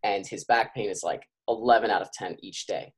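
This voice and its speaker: Physical therapist guy on a podcast, husky voice, fired up and urgent, keeps saying y'all. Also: on the low side, fairly quick. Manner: impassioned, urgent, addresses listeners as y'all. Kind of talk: podcast interview.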